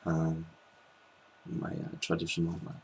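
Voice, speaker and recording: A man with a French accent, a guest in a casual interview, explaining things in a thoughtful, halting way. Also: deep voice, monotone, slight background noise. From France.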